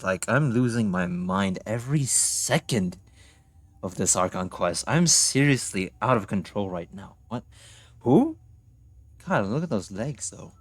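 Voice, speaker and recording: A man reacting to a game, excitable, exclaiming and swearing as he plays. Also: sits low, no room sound.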